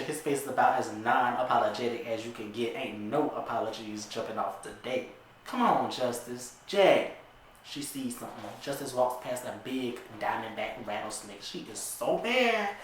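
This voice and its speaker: A man reads a film script aloud in a casual, chatty way, breaking off to laugh and comment on it. His voice sits at a middle pitch and rings in a very echoey room. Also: slight background noise. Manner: amused, chatty asides. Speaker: vlogger.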